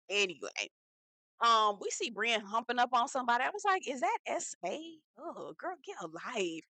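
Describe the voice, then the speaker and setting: A young woman dishes on a reality TV episode in a casual vlog, sassy and slangy. Her bright voice leaps around in pitch as she acts out what the cast said. The sound is close and dry. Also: no room sound, low-quality recording. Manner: chatty, sassy, slangy storyteller acting out quotes. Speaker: reality TV recap host.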